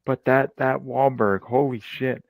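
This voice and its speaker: A man co-hosting a movie podcast, excitable and profane in casual chat. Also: mid-range voice, unhurried, creaky, dry recording. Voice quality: excitable, profane, laughs a lot. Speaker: podcast co-host.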